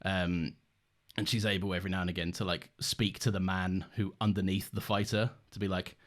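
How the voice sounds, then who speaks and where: A man's voice: low-pitched, little pitch movement, fairly quick. A man with an enthusiastic, earnest manner, co-hosting a casual chat reviewing a film. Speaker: podcast co-host.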